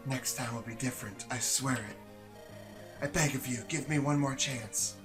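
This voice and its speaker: A man's voice: mid-range voice, moderate pace, a bit bright, faint music behind, natural voice. Man voicing a desperate pleading knight woman. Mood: begging.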